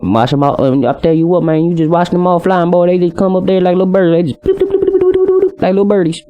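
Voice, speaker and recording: A man voicing a crude, rowdy country good-old-boy who drawls in a put-on Southern accent, his voice pushed higher than usual. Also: expressive, fast talker, mellow.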